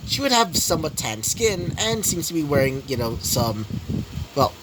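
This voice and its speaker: A man's voice: fairly high pitch, very animated, moderate pace, noisy background. A young man improvising a fan story, rambling with many fillers and self-corrections. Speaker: story narrator.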